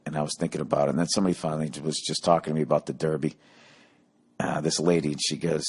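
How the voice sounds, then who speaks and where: A man's voice: very deep voice, little pitch movement, racing, darkish tone, husky. A man hosting a podcast, telling a profane comic story in a ranting, sarcastic way and acting out arguments. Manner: ranting, sarcastic, heavy swearing, acts out both sides of arguments. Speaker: podcast host.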